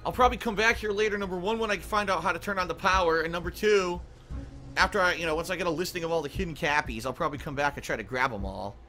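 A man's voice: a little high, fast, pushed and bright. A man giving casual gameplay commentary, muttering to himself and breaking into frustrated outbursts with frequent swearing. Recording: game music playing behind the voice.

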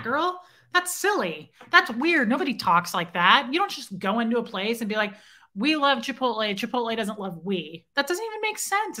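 Her voice is slightly high with a sharp tone. The young livestream host chats in a playful, easygoing way, reads viewers' comments aloud, and now and then slips into a line of song.

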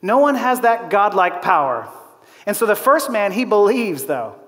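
A man preaching a sermon as pastor, telling a story in an animated way, laughing often and acting out the quotes. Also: high voice, normal speed, long reverb tail. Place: church auditorium.

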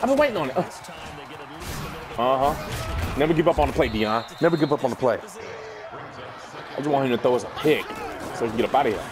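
A man's voice: medium pitch, lively intonation, brisk, pauses often, crowd noise. A young man commentating his own football video game match live, hyped and trash-talking. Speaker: gaming YouTuber.

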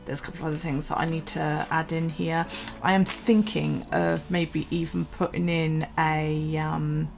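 A woman's voice: low voice, little pitch movement, normal speed, gravelly, few pauses, faint music behind. A woman from the UK, chatting casually in her vlog, tired and yawning, rambling with many ums and restarts. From United Kingdom. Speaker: vlogger. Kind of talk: casual chat over a journaling video.

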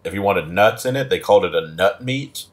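A man's voice: low voice, expressive, brisk. A man co-hosting a comedy podcast, telling stories in a rambling, meandering way during casual banter. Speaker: comedian co-host.

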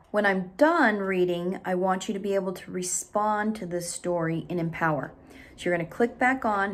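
A woman teacher recording a reading lesson, explaining things deliberately and reading a story aloud. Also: on the low side, slight background noise. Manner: slow, deliberate, instructive.

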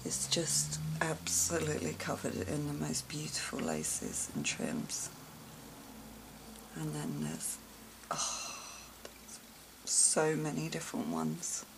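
A woman showing gifts on camera in a casual vlog, gushing with soft exclamations and whispers of awe. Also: low-pitched, expressive, slow, gravelly, pauses often, very noisy. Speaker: vlogger unboxing gifts. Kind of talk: casual show-and-tell unboxing.

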